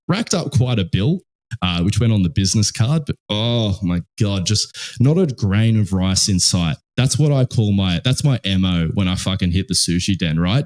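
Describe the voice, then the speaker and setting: Speaking in a low voice with a darkish tone, a young podcast host with an Australian accent swears nonstop. He wanders through meandering stories in a relaxed, chatty way.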